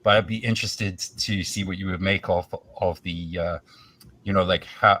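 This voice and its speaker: Deep-voiced man musing a bit off-mic. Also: moderate pace, distant mic. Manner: relaxed, musing, full of fillers. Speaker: podcast guest. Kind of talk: casual podcast chat.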